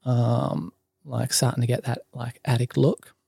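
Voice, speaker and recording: A man's voice: medium pitch, flat delivery, measured pace, vocal fry, warm tone, breathy edge, no echo, clean studio sound. An Australian man telling a long story in casual chat, full of ums, likes and swearing. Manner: rambling, many ums and likes, swears freely. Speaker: podcast guest.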